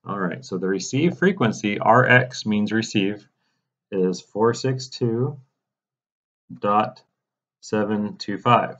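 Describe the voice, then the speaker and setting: A man with a lowish voice explains software settings step by step in a casual, mildly exasperated way. His voice sounds a bit dull and lo-fi, as if captured on a computer mic during a screen recording. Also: lively intonation, slow, pauses often. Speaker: radio programming instructor.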